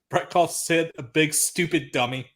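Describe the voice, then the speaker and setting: A man co-hosting a wrestling podcast recaps an old episode in casual chat, blunt, exasperated and often profane. His voice is fairly high and fairly bright, and he speaks a little slowly.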